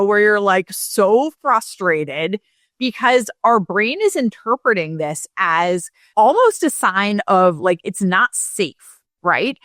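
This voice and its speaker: A woman talks in a casual, candid way, like a coaching podcast host. She tells a story with animated ups and downs and loose fillers, in a mid-range voice. The sound is close and dry, with no room around her. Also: medium pitch, dry recording. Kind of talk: casual solo talk, coaching tone.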